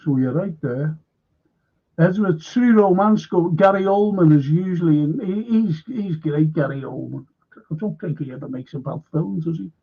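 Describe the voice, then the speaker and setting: A man's voice: a little high, moderate pace, creaky, slightly rough, phone-quality sound. A man hosting a casual film chat, retelling scenes and laughing as he goes. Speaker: host.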